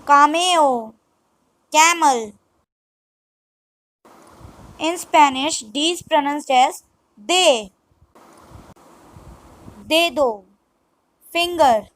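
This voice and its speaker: Brief: woman tutor, high voice, very slow deliberate reading, dry close sound. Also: fairly bright tone, poor audio. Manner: measured, word-by-word reading. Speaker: language teacher. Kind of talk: scripted vocabulary lesson.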